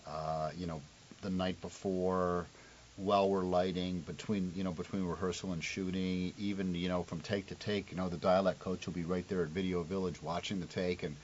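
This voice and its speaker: A man who is a television director, talking in a relaxed, joking way. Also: deep voice, normal speed. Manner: relaxed, joking, laughs easily. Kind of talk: casual conversation. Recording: lo-fi with faint hiss.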